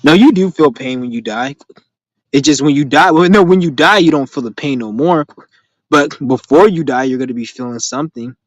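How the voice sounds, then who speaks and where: A man with a somewhat high voice rambles through a casual live-stream chat, heavy on profane street slang. He tells his stories with animation, and his voice is recorded close and dry, with no room sound. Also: a little fast, no room sound, low-quality recording. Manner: animated storytelling. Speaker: live stream host answering viewer questions.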